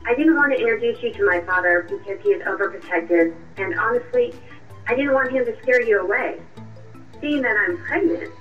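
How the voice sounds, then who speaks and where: A woman voicing a sharp, confrontational young girlfriend in a radio drama, with a cutting, accusing way of talking. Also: mid-range voice, lightly acted. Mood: triumphant. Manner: cutting, accusing, coolly triumphant. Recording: muffled distant voice with music.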